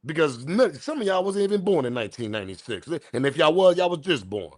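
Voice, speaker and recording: A man's voice: on the high side, very animated, quick pace, no echo, studio quality. Heated ranting man hosting a livestream. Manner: loud, heated, profane, addresses chat directly. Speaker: livestream news host. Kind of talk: ranting live commentary.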